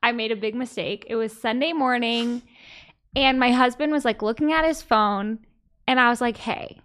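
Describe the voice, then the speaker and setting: A woman's voice: a little high, normal speed, a bit bright. Chatty woman hosting a podcast. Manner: chatty, laughs while telling stories. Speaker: podcast host. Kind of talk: casual chat.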